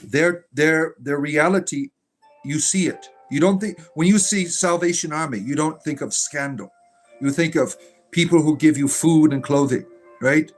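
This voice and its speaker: A man's voice: fairly high pitch, normal speed, soft background music. A man casually livestreaming, reading viewer comments aloud and rambling, with many fillers, restarts and dry, dismissive asides. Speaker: livestreamer and spiritual entertainer.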